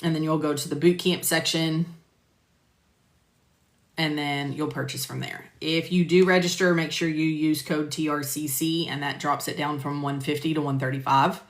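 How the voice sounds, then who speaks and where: This woman has a deep voice and a flat delivery at normal speed. Teaching medical coding on a live stream, she chats casually, fills pauses often, and replies to viewers by name; the phone or computer mic carries a roomy echo.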